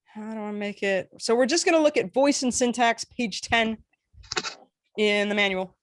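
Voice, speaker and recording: A woman teaching a casual workshop, animated with playful asides as she demonstrates intonation. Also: on the high side, moderate pace, background noise. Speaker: workshop facilitator.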